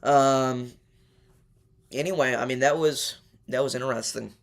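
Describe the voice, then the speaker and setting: A man's voice: mid-range voice, fairly even intonation, unhurried, creaky. A young man hosting a livestream, talking loosely with his chat and arguing his opinions with plenty of fillers. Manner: loose and chatty, many fillers, argues weather takes. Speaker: livestream host. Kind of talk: casual livestream chat with viewers.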